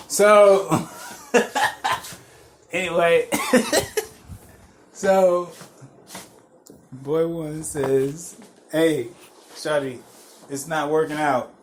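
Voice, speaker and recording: Podcast host, young guy, slow laid-back delivery, swears a lot, laughs mid-story, slightly high voice. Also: slight background noise. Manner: profane, rambling, laughs through his stories. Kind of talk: casual storytelling.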